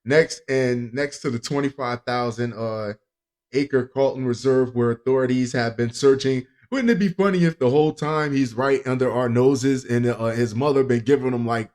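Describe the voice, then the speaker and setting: A man's voice: mid-range voice, steady tone, moderate pace, a little mellow. A man hosting a podcast in casual chat, rambling and joking with frequent chuckles. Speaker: podcast host.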